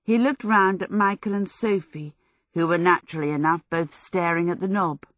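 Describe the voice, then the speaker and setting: A woman with a fairly low pitch reads scripted audiobook narration in a steady, measured storytelling style. There's no room sound, and the studio sound is clean.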